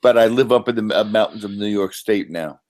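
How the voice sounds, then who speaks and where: A man from New Jersey with the accent to match, talking in a loose online group chat. He is brash and teasing, and his voice sits a little low. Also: quick pace, darkish tone.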